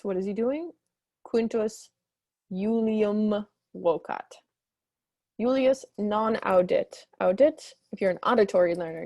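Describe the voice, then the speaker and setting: A woman teaching Latin, reading lines slowly and then explaining them quickly in English. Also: gravelly, darkish tone, dry recording. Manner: acts out characters with high squeaky voices. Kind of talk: explaining a textbook story.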